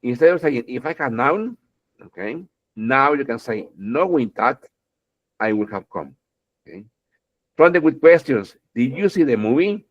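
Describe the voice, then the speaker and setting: Male English teacher, animated pitch, keeps asking "okay?", dull video-call sound. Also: unhurried, long pauses. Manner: keeps checking in with "okay?", repeats words, addresses students fondly. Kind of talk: online English grammar lesson.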